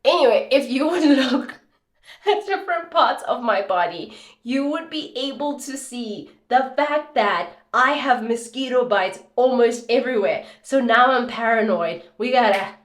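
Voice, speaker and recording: A woman in her thirties talks casually to camera at home, her voice sitting fairly high. She tells stories in an animated, dramatic way and laughs as she goes. The room around her is echoey. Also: a little slow. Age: 30s. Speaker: beauty vlogger. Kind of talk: casual chatty storytelling. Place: indoors at home. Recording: roomy echo.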